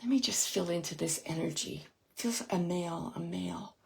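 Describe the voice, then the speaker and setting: A woman working as a psychic medium, giving a live reading in a soft, hesitant way, with many pauses, and repeating words as she relays messages. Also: lowish voice, creaky, slightly rough. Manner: repeats words and phrases for emphasis. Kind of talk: live spirit reading for an audience member.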